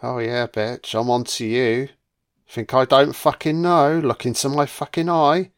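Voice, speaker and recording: A man's voice: mid-range voice, steady tone, unhurried, clean tone, natural voice. A man mocking a crude, smug sheriff. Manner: sneering, crude mockery. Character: smug scheming male sheriff, crude and boastful.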